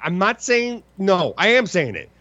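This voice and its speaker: A man in his thirties with a slightly high voice hosts a comedy podcast. He rambles, sounds exasperated and swears freely. The recording is dry and a bit muffled. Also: big pitch swings, measured pace, sharp tone, no echo. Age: 30s. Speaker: podcast host. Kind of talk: casual comedic chat.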